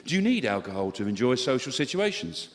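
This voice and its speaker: A middle-aged English man doing deadpan, wry stand-up comedy in front of a live audience. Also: mid-range voice, brisk. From England. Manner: deadpan and wry, with lively swings in delivery. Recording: live hall with reverb and ambient noise.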